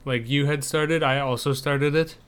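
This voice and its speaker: A man's voice: a little high, fairly even intonation, moderate pace, a bit bright, smooth. A man co-hosting a podcast in casual chat, rambling with frequent restarts. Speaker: podcast co-host.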